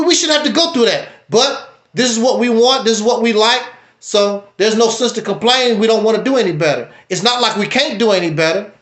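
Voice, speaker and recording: A man hosting a livestream, talking in a casual, preachy, emphatic way with wide swings in pitch. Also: a bit bright, reverberant. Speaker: livestream host. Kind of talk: casual commentary.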